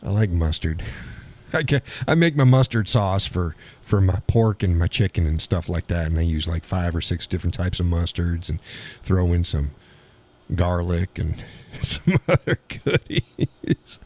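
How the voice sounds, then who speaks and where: A lower-voiced man with a drawl hosts a live stream. He reads chat comments aloud and answers with blunt, scornful remarks, often breaking into laughter. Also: animated, unhurried, darkish tone. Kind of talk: casual political commentary reading chat.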